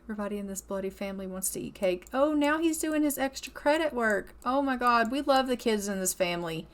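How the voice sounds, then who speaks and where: Brief: woman, slightly higher voice, chatty let's-play commentator, affectionate. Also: animated, a little fast. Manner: chatty, affectionate, laughs often. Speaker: gameplay commentator.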